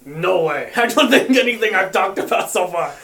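Giggly comedy podcast guy, kinda high pitched, keeps cracking himself up. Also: expressive, moderate pace, sharp tone. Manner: giggly, playful, keeps laughing mid-sentence. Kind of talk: improvised comedy banter.

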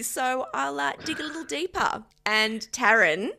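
A woman co-hosting a podcast, telling a story in a playful, self-mocking way. Her voice is bright and forceful, and her pitch swings widely as she talks. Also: animated, a little slow, vocal fry. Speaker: podcast co-host. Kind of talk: casual chat, explaining a story.

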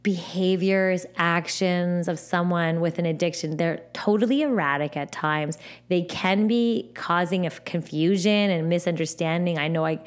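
A woman hosting a podcast alone, talking in a gentle, encouraging way and often repeating her phrases. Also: lowish voice, normal speed, hardly any pauses, clean tone. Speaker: podcast host. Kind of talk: supportive solo podcast talk.

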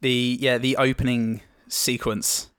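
A man's voice: mid-range voice, little pitch movement, slow, fairly bright tone, smooth, dry recording, studio quality. A man co-hosting a casual film review chat, jokey and rambling. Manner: jokey, rambling, breaks into silly impressions. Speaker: podcast co-host.

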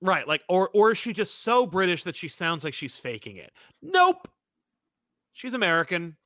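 Bright, lively man rambling about movies. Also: high voice, brisk, no echo, studio quality. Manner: rambling, profane, full of fillers and restarts. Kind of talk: casual movie discussion.

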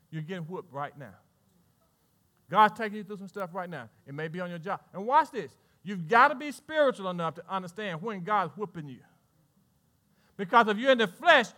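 A man preaches with a high, bright, forceful voice. He poses questions to his congregation and shifts between raised, ringing lines and quiet asides. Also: animated, a little fast. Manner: preaching with sudden swings between loud and hushed. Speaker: pastor. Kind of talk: sermon.

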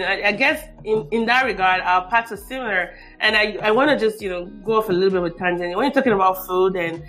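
A woman's voice: on the low side, fairly bright tone. A woman hosting a podcast, asking long, rambling questions full of asides. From Nigeria. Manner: rambling, many asides and restarts. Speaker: podcast host.

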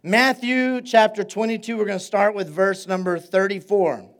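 High-voiced man preaching conversationally. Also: fairly even intonation, moderate pace, a bit bright. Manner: conversational, call-and-response with congregation; repeats phrases for emphasis. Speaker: pastor. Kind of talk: sermon. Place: church service.

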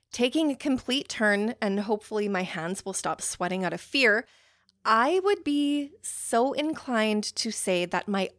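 A young woman hosting a casual book-review podcast, talking in an excitable, rambling way full of "like" fillers and getting easily worked up. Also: mid-range voice, no echo, clean studio sound. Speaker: podcast host.

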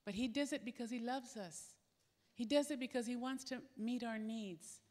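A middle-aged woman preaching a sermon, candid and earnest, telling stories. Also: on the high side. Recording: echoey hall.

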